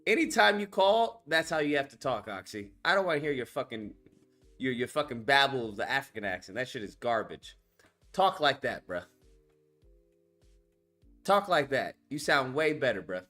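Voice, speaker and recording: A man's voice: mid-range voice, big pitch swings, normal speed, bright, forceful tone, soft background music. Crude, slangy man reacting on stream. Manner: crude, profane, slangy banter. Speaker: streamer host reacting to videos. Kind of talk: casual reaction commentary.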